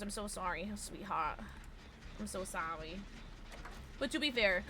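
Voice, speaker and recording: A woman's voice: mid-range voice, measured pace, long pauses, heavy background noise. A young woman streaming a game, chatting casually and giggly with her viewers. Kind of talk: casual gaming stream chat.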